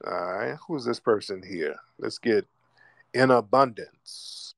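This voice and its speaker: A man's voice: fairly low pitch, takes it slowly, gravelly, no room sound. An American man hosting a call-in radio show, mocking and trash-talking his callers. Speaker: radio host.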